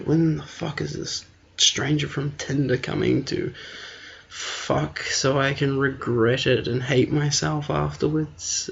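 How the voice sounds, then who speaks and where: A man's voice: a little high, fairly even intonation, slow, creaky, a little hiss or hum. A young man, ranting crudely and mocking himself as he tells a story. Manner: profane, self-deprecating, ranting. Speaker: podcast co-host. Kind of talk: crude comedic rant. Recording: dull lo-fi recording.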